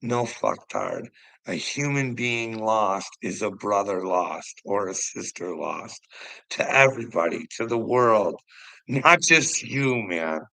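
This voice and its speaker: Gravelly, heated middle-aged man ranting. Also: fairly low pitch, big pitch swings, slow pace, pushed and bright, no echo, rough recording. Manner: heated, profane, laughs often. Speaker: livestream host talking to chat. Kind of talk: casual livestream rant.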